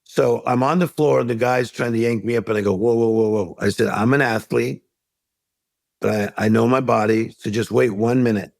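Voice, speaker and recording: A man's voice: medium pitch, steady tone, normal speed, gravelly, dry recording. A middle-aged man, a life coach guest, telling a story in an interview and acting out the voices of the people in it. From United States.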